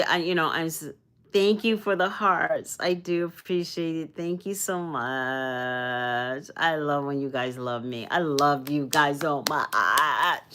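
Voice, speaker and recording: A woman from Arizona talks unhurriedly to her livestream viewers, her voice sitting deep and low. She rambles earnestly and circles back over the same phrases. Her talk stays spiritual and uplifting. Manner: rambling and earnest, often repeats phrases and restarts; spiritual, uplifting talk about energy and self-love. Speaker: live streamer. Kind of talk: casual livestream chat with viewers.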